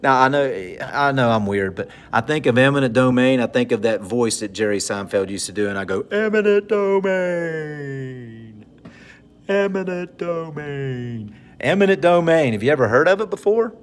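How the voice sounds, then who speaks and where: A man's voice: medium pitch, quick pace, few pauses. A man teaching a recorded civics lesson in a conversational, joking way, repeating key terms so students can take notes. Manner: conversational, jokey, repeats points for note-taking.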